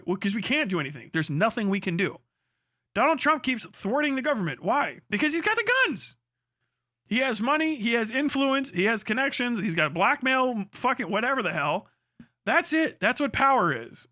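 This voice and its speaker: Guy streamer ranting hard, swears a ton, sarcastic, highish voice, dry close mic. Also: sing-song, moderate pace, bright, forceful tone, no echo. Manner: profane, heated and sarcastic. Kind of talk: livestream rant.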